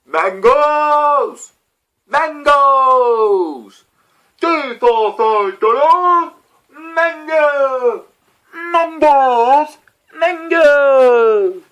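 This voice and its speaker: A man imitating a loud male fruit-market hawker who bellows street cries. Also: very high-pitched, lively intonation, extremely slow, pitched above the performer's own voice, exaggerated voice. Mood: bellowing.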